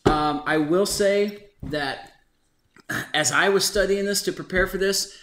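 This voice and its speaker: A man's voice: high-pitched, measured pace, a bit bright, reverberant, a little hiss or hum. Chatty man hosting a Bible study. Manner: chatty, laughs often, reads out quotes. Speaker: host of a Bible study podcast. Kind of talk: casual conversational Bible study.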